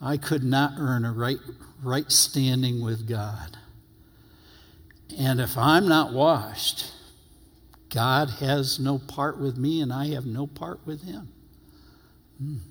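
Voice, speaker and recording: A man preaching a sermon, reading scripture aloud and stressing his phrases slowly and emphatically. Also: medium pitch, slightly rough. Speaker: pastor. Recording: long hall reverb.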